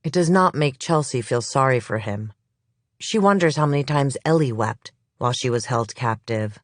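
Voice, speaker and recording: An audiobook narrator reading a crime thriller in measured, even storytelling, close to the mic. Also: mid-range voice, no room sound. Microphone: close studio mic.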